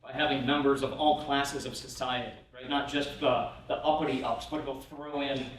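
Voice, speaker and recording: A pastor teaches an informal poetry class, chatting with many fillers and checking in with "right?", and reads old verse aloud in a lifted, sing-song voice. He speaks at normal speed with a medium, level voice. The room is echoey, the mic distant, with slight background noise.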